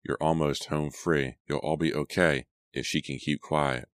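A serious, solemn teenage boy, voiced by a male reader, talking in a slow, measured way. The voice is very deep and the sound dry and close. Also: steady tone, dry recording.

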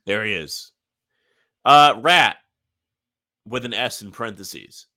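A man's voice: mid-range voice, takes it slowly, sharp tone. A young man co-hosting a casual sports podcast, cracking sarcastic, wry jokes. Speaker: podcast co-host.

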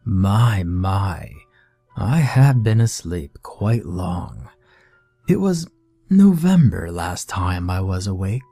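A man's voice: deep voice, huge pitch swings, measured pace, creaky, few pauses, mellow, husky, no room sound, soft background music, voice pushed down, exaggerated voice. A man voicing a towering, jovial bear-like male creature who speaks in a friendly, genial way.

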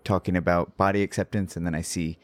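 A man's voice: low voice, flat delivery, fast. A middle-aged man hosting a podcast, chatty and jokey, asking rambling questions in casual interview. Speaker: podcast host.

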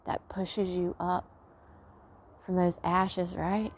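A woman's voice: fairly low pitch, little pitch movement, slow pace, pauses often, husky. A woman outdoors giving an earnest, rambling faith testimony. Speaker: vlogger sharing faith message. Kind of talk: heartfelt spoken testimony.

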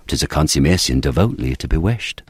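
A man recites Hamlet, a brooding young prince, in Shakespearean original pronunciation. The delivery is colloquial and unpompous, low-pitched and dry. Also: animated, brisk, husky, dry recording, full character voice.

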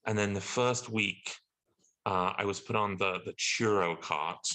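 Animated British man telling a story. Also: unhurried, low-quality recording. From Britain. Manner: animated, acts out quoted people, pitch jumps when outraged. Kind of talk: casual storytelling.

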